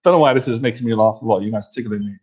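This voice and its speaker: A man's voice: medium pitch, racing, darkish tone, slightly rough, muffled recording. A man hosting a casual livestream, reading viewer comments and cracking up with laughter, sounding tired. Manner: giggly, keeps cracking up laughing. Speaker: livestream host and coach.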